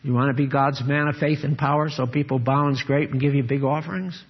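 An older man preaching a sermon, earnest and emphatic, dropping low and grave, then rising to exhort. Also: steady tone, fairly quick, breathy edge, highs cut off.

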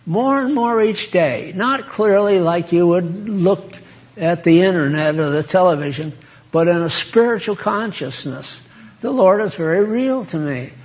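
A man's voice: high voice, lively intonation, unhurried. A man preaching an informal sermon in a chatty, folksy way, laughing and speaking to listeners by name.

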